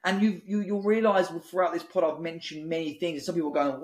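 A man, a guest on a podcast, talking in a blunt, forceful, preachy, motivational way. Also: on the high side, steady tone, fast talker. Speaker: app founder guest. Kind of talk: podcast interview. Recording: roomy echo.

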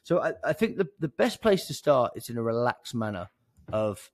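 A man's voice: mid-range voice, big pitch swings, no echo. Jokey London man, dry close sound. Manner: chatty and joking, with quick restarts. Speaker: podcast co-host. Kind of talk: casual chat.

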